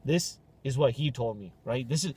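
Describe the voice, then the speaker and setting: A man's voice: mid-range voice, normal speed, slight background noise. A man hosting a podcast, telling stories in casual, joking banter. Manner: animated, joking storyteller. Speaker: podcast host.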